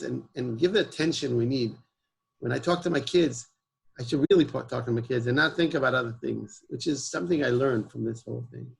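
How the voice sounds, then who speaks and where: A man's voice: medium pitch, gravelly, husky, poor audio. A man, guest in an interview, earnestly telling a personal story and mixing in Hebrew words. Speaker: guest, emergency service founder.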